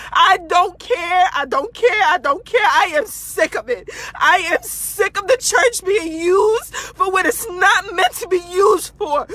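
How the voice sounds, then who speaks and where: A woman's voice: very high-pitched, pushed and bright. A woman making an impassioned, tearful appeal, distraught and pleading, repeating herself over and over. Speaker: family member speaking out. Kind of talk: impassioned direct-to-camera appeal.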